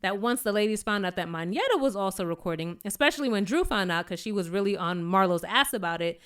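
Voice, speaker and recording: A young woman recapping a reality show in a chatty, sassy way, acting out the cast's quotes in higher voices. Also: animated, fast talker, fairly bright tone, smooth. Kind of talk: casual recap commentary.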